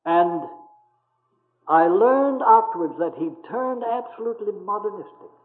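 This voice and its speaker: A man's voice: high voice, expressive, a little slow. Missionary guy preaching, earnest storyteller, thin tinny phone-like sound. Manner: earnest, storytelling, addresses listeners as beloved. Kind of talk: sermon with personal stories. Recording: tinny narrow-band old recording.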